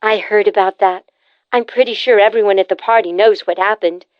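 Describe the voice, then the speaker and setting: Brisk, pushy adult sister in an audiobook, voiced by the female narrator; slightly muffled, dull recording. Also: mid-range voice, fairly even intonation, no room sound, lightly acted. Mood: breezy, insistent. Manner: pushy, bossy, teasing. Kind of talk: audiobook character voice.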